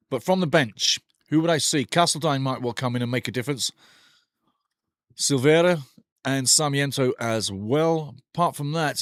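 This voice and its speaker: A man's voice: mid-range voice, no echo, clean studio sound. A middle-aged man hosting a live football watch-along, opinionated, ranting and joking as he comments.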